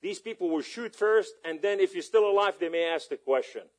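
A man preaching a sermon and telling a story with passion, at times shouting. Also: high-pitched, animated, brisk. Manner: impassioned, rising to shouts.

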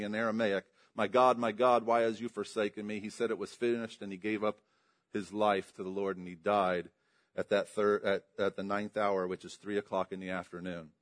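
A man preaching a sermon, swinging between loud emphatic lines and low quiet ones, putting questions to his congregation. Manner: emphatic, rising and dropping in pitch and volume.

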